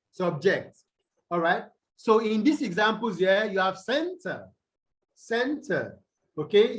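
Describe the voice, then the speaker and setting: Over a video call, a Nigerian man with a high voice tutors English pronunciation in an online lesson, and the recording quality is low. He poses questions and answers them himself, saying words slowly to show where the stress lands.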